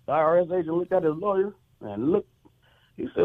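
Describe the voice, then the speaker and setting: A man's voice: moderate pace, long pauses, narrow, tinny audio. A man calling in to a radio show and telling a long joke, acting out each character in the story. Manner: animated, plays each character with pitch jumps.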